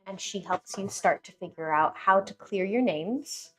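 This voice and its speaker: A woman game master narrating a recap of the story so far in a measured storytelling manner. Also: medium pitch, a bit bright.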